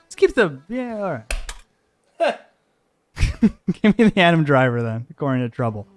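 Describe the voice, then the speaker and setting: A man's voice: fairly high pitch, sing-song, a little slow, soft background music. A man hosting a podcast and running a quiz game, joking and crude in casual chat.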